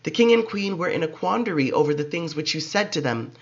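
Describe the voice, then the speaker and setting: A man's voice: on the high side, animated, gravelly. A man doing a gaunt, weary steward. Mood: grave. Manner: weary, hesitant, slow. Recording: dull lo-fi recording.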